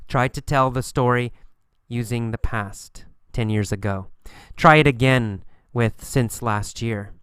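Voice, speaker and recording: A man teaching English in a recorded lesson, speaking slowly and deliberately and repeating phrases for learners. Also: mid-range voice, fairly bright tone, smooth, dry recording.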